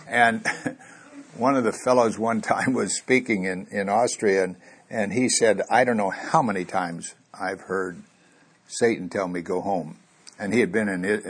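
A man preaching a sermon, telling a Bible story and getting louder when he quotes scripture. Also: fairly low pitch, husky. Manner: animated, rising loud on quoted scripture.

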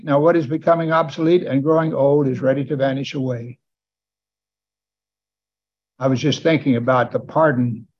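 A man preaching a sermon in a church, animated and building to exclamations and calls for amens. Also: mid-range voice, husky, muffled recording.

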